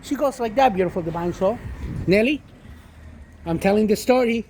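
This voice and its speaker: A man's voice: high voice, lively intonation, moderate pace, gravelly, darkish tone, slight background noise. A man and father telling a rambling spiritual story about his daughter, with many restarts and repeated endearments. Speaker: vlogger and father.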